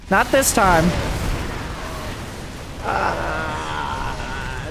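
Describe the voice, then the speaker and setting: A man giving solo play-by-play commentary on a strategy game, getting excitable and shouting when fights break out. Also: extremely slow, gravelly, pauses often, faint music behind. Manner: excitable, voice jumps high and shouts during fights. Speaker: esports caster.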